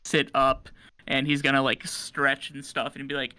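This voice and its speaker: A man's voice: medium pitch, monotone, moderate pace, bright, forceful tone, clean tone, no echo. A man playing a sleepy character in a tabletop game, with a drawling manner. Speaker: player. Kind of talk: casual tabletop role-play.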